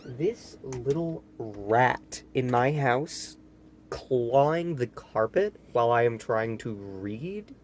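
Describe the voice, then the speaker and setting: A man's voice: medium pitch, lively intonation, slow pace, a little hiss or hum. A man reading a children's book aloud and breaking off for sarcastic, incredulous comments. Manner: sarcastic asides, incredulous questions. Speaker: reader.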